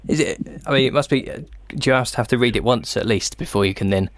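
A man's voice: medium pitch, fast, no room sound. Male host, friendly, laughs along, dry close sound. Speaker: interviewer, host. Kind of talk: casual interview chat.

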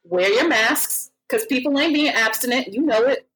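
A woman's voice: sits high, moderate pace, fairly bright tone, husky, poor audio. A woman co-hosting a casual chat, blunt and frank with a teasing edge. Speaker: podcast co-host.

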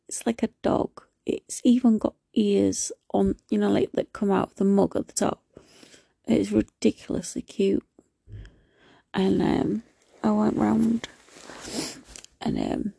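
Husky, whispery woman podcaster. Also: mid-range voice, fairly even intonation, measured pace, no echo. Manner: soft, often slipping into a whisper. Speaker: podcast host. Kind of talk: casual solo podcast monologue.

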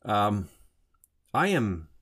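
A man's voice: on the low side, very animated, very slow, fairly bright tone, slightly rough. A man hosting a solo podcast in a casual monologue, rambling and often stopping to rephrase and correct himself. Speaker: podcast host.

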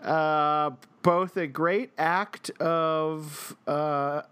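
A man co-hosting a casual comedic chat, playful and quick to laugh. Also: on the high side, fairly even intonation, fairly bright tone, clean tone. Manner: playful, laughs often, slips into jokey voices. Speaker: podcast co-host.

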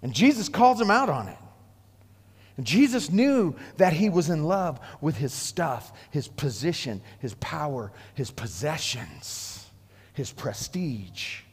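Animated high-voiced man preaching in a hall. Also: slow pace, breathy edge. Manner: animated, swings from hushed to loud, acts out quotes. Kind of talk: sermon.

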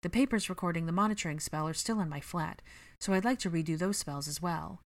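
A woman's voice: on the low side, fast, close to an everyday voice. A woman reading the part of a tired, stubborn young mother in a storybook reading. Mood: weary.

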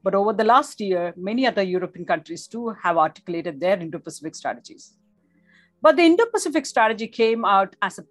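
A woman delivering a formal policy talk in a measured way, now and then restarting a word. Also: medium pitch, no room sound. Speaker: policy analyst.

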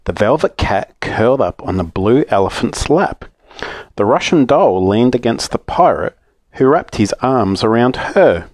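A man reading a children's story aloud with gentle, expressive storytelling. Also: mid-range voice, a little slow, no echo.

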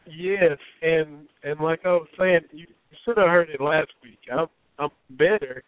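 A man in his thirties hosting a casual sports talk radio show, his voice still hoarse, chatty and folksy with many fillers. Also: a little high, unhurried, no room sound. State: hoarse, recovering voice. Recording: tinny phone-line audio.

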